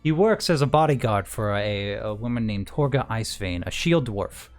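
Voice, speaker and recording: A man's voice: fairly low pitch, lively intonation, moderate pace, lightly acted. Brief: grizzled old bounty huntress, matter-of-fact, tabletop role-play, a man voicing her, faint music under. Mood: blunt. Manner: matter-of-fact, hesitant fillers. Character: elderly woman ex-bounty hunter, battle-scarred, blunt.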